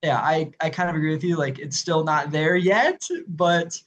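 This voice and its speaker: A man's voice: a little high, steady tone, normal speed, low-quality recording. A young man co-hosting a podcast, laid-back and chatty, laughing often and saying 'like' a lot. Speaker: podcast co-host. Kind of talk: casual music review chat.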